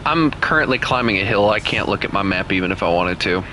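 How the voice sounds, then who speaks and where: A man's voice: fairly low pitch, lively intonation, fast talker, noisy background. A man with a Southern US accent streaming a game, chatting casually and teasing his co-players in a playful way. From Southern United States. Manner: playful, teasing, laughs often. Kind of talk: casual gameplay chat with co-players.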